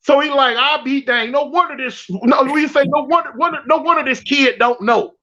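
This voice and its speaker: Telling an animated prison story in slang, a South Central Los Angeles guest keeps restarting phrases and voicing each quote himself. He speaks at normal speed in a very high voice that's pushed and bright. Sound quality is dull and lo-fi.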